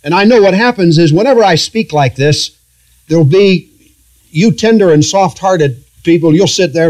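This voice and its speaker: Middle-aged male pastor, somewhat high voice, confessional and earnest sermon delivery. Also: darkish tone. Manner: earnest, halting, confessional, with frequent restarts.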